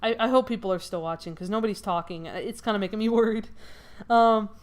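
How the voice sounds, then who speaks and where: Woman rambling through a dream story while doodling, lots of "like", medium pitch. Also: fairly quick. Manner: rambling, lots of "like" fillers, excitable. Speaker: streamer.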